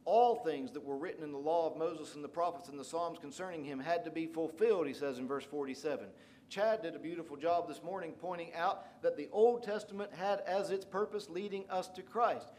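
A man's voice: a little high, expressive, moderate pace, a little mellow. A man preaching a sermon, reading scripture aloud and paraphrasing it with rising emphasis. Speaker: pastor.

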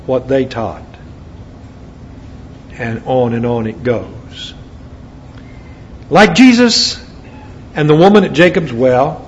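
American preacher with a folksy manner. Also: male voice, mid-range voice, darkish tone. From United States. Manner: folksy asides between scripture readings. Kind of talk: sermon. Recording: dull lo-fi recording with faint background noise.

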